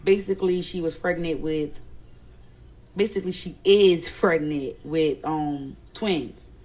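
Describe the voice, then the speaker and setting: A woman's voice: deep voice, a little slow, a little mellow, poor audio. A woman with a Philadelphia accent telling a family story in a casual storytime, animatedly quoting others and growing indignant. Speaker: storyteller recounting family drama.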